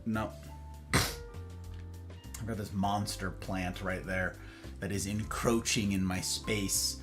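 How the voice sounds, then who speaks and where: A man's voice: sits low, steady tone, slow, music in the background. A man hosting a casual live stream from his home office, playfully greeting viewers by name and chatting with them. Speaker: livestream host.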